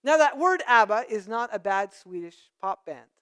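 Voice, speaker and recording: A pastor preaching a conversational sermon, with playful asides to the congregation. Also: male voice, sits high, animated, moderate pace, a bit bright, clean tone.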